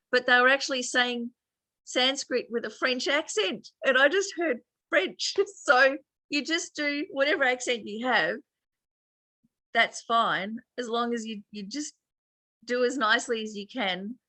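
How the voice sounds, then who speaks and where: A woman's voice: on the high side, sharp tone, no room sound. An Australian woman teaching a chatty online meditation class, laughing often as she explains.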